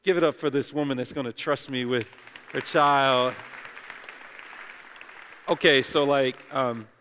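A man's voice: mid-range voice, fairly even intonation, unhurried, a bit bright, some chatter behind, a little hiss or hum. A man preaching as the lead pastor in a church, speaking in a loose, conversational way, joking and talking straight to the congregation. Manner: chatty and joking, talks directly to the congregation. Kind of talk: conversational sermon. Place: church sanctuary. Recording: long echoey church reverb.

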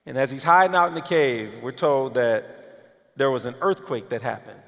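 A man preaching a sermon as pastor, dramatic, swinging between loud emphasis and hushed near-whispers, in a church auditorium. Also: mid-range voice, expressive, moderate pace. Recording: long hall reverb.

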